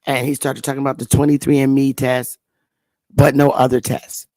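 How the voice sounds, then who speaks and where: A woman's voice: extremely low pitch, level tone, moderate pace, dark tone, dry recording. A woman hosting her own channel, telling a rambling story in a casual monologue, often repeating and restarting words. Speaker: channel host.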